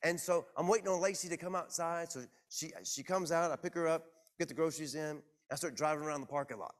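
A man preaching to his congregation, telling a personal story in a lively, self-mocking way. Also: fairly high pitch, quick pace. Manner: animated, self-deprecating storyteller. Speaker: pastor. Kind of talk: sermon storytelling. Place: church.

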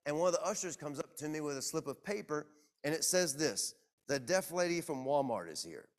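A man preaching to his congregation, telling a personal story in a lively, self-mocking way. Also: on the high side, a little fast. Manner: animated, self-deprecating storyteller. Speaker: pastor. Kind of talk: sermon storytelling. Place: church.

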